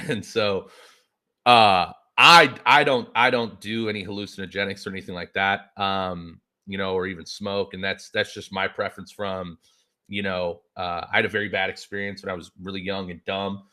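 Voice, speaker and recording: Low-voiced man telling a wild story. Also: fairly even intonation, moderate pace, sharp tone. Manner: profane, rambling, lots of filler words. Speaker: podcast host. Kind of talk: casual storytelling chat.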